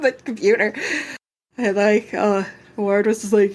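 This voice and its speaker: A woman co-hosting a game podcast in casual chat, animated and quick to swear and laugh. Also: medium pitch. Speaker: podcast co-host.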